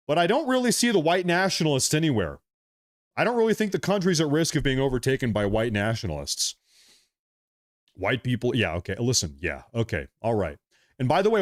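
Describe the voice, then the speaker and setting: An agitated man speaks directly to his live-stream viewers in a fairly high voice. He circles back over the same points again and again. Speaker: political live-stream host. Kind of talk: casual live-stream commentary.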